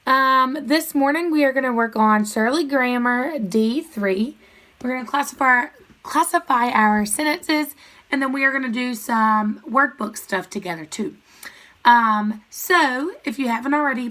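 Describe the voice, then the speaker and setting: A young woman records a lesson for first graders, working through sentences aloud in a slow, patient, sing-song way. Her voice sits slightly high, and she repeats grammar terms in call-and-response fashion. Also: a bit bright.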